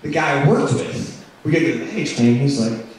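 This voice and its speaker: A young man doing stand-up, telling stories with animated delivery and loud shouted impressions. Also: medium pitch, moderate pace. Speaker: stand-up comedian. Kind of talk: stand-up storytelling. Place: comedy club stage. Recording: roomy club sound from a distance with crowd laughter. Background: audience laughing.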